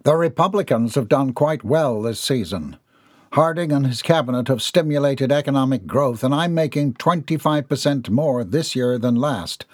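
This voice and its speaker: A man's voice: medium pitch, moderate pace, a little mellow, no echo, studio quality, lightly acted. A man voicing a self-satisfied businessman talking to his associates. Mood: boastful. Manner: self-satisfied, holding forth. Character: boastful businessman father.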